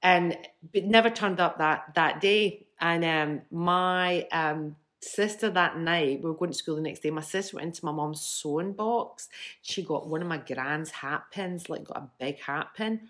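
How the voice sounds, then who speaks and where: A woman in her fifties, a musician telling stories from childhood in a chatty, animated way with bursts of laughter. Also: sits low, measured pace. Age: 50s. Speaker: guest, musician. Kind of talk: casual storytelling.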